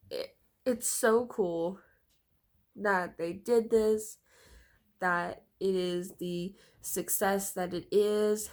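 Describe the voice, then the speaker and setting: A woman chatting through a storytime vlog at an unhurried pace, her voice sitting in an ordinary middle pitch. She rambles, restarts and leans on fillers, and sounds slightly congested from a cold. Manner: rambling with many fillers and nervous laughs. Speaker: storytime vlogger. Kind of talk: casual storytime chat.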